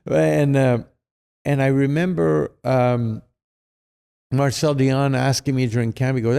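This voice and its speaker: A man's voice: mid-range voice, normal speed, vocal fry, smooth. A middle-aged man with a French-Canadian accent, a native French speaker, telling stories as an interview guest and acting out the voices of people he quotes. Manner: animated, acts out quoted voices, frequent fillers. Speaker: guest, retired hockey player. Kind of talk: casual storytelling.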